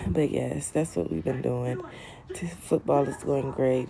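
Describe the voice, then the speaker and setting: A woman's voice: low-pitched, lively intonation, takes it slowly, creaky, a crowd in the background. A young woman hosting a casual livestream from home, chatting with viewers in a sassy way and calling them honey and queen. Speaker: livestream host. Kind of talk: casual livestream chat reading comments.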